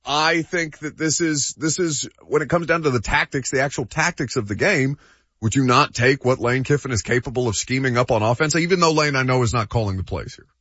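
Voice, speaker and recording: Husky-voiced man debating sports. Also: medium pitch, a little fast, a bit bright, no echo, dull audio. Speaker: sports talk show co-host.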